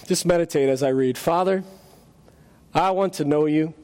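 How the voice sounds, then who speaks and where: A man's voice: fairly high pitch, moderate pace, darkish tone, clear, resonant tone. A man preaching a sermon in a church, retelling a story and speaking in an earnest, dramatic way. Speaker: pastor. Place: church sanctuary.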